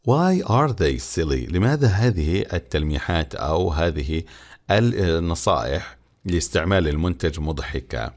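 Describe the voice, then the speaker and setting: Arabic-native male English teacher, very low voice, quick and lively delivery. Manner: explains each line, switching languages. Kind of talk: bilingual textbook lesson.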